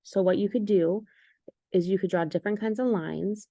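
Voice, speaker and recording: Lady art teacher walking students thru an assignment, steady, um here and there, dry close sound. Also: mid-range voice, normal speed, no echo. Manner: clear, patient step-by-step instructions with fillers. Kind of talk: recorded classroom lesson.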